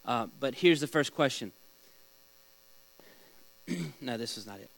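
A man's voice: mid-range voice, expressive, takes it slowly, gravelly, a bit bright, slight background noise, rough recording. A man leading a small-group Bible study, teaching in a conversational way, asking the group questions and telling stories.

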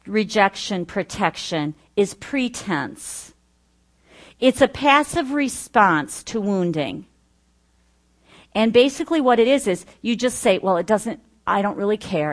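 A middle-aged woman teaching earnestly, listing points with personal asides. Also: mid-range voice. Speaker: Bible study teacher. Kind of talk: teaching talk.

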